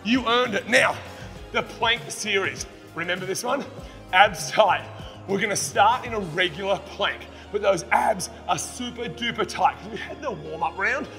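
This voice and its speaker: An energetic young Australian fitness instructor talks a class through a workout, cheering people on and counting down reps. His voice sits high and bright. There is a long echo on it, with music playing underneath. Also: normal speed, gravelly. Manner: upbeat, encouraging, calls out counts and cues. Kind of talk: coaching a follow-along workout. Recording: long reverb, music behind.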